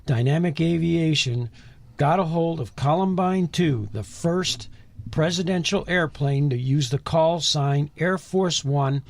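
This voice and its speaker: A man's voice: on the high side, unhurried, gravelly. A man co-hosting a live aviation radio show, chatty and enthusiastic as he introduces a guest. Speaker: radio co-host.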